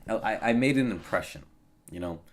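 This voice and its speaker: Low-voiced man mumbling through stream chat. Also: lively intonation, a little fast. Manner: rambling, trailing off into quiet mumbles. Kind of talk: casual live-stream chat.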